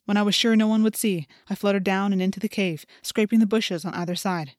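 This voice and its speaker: A woman's voice: medium pitch, steady tone, a little fast, darkish tone, no echo. Woman reading a tense audiobook, dry close. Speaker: audiobook reader. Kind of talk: first-person audiobook narration.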